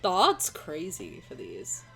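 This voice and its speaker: A young woman streaming a game, chatting playfully to her viewers, joking and breaking into excited shouts. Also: sits low, slow, gravelly, soft background music. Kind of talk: casual game stream commentary.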